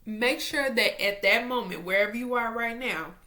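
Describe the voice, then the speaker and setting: A young woman, talking to camera at home about faith in a chatty, animated way. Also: fairly high pitch, moderate pace. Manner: animated, excitable, chatty, talks straight to viewers. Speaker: faith vlogger. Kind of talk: casual faith talk to camera.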